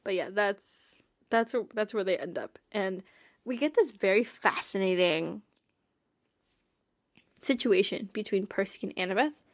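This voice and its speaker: A woman's voice: medium pitch, a little slow, no echo, clean studio sound. A young woman hosting a podcast, chatting casually and enthusiastically, laughing often. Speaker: podcast host. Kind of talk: casual chat.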